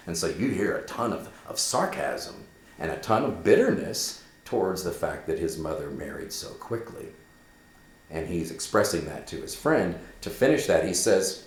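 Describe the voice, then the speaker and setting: A male teacher explains a text in a low voice. His pitch rises and falls in a lively way, and he asks rhetorical questions as he goes. The room sounds echoey. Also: moderate pace. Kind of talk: literature lesson commentary.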